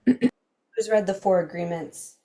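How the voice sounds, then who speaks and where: A woman's voice: medium pitch, slow, mellow. A woman hosting a book club discussion, reading passages aloud and musing thoughtfully with frequent fillers. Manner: thoughtful, trails off mid-sentence with fillers.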